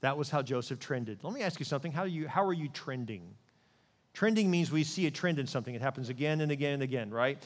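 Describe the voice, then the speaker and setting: A male pastor preaching a sermon in a lively way, often putting questions to his listeners. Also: mid-range voice, fast talker, long reverb tail. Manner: animated preaching, asks the crowd questions.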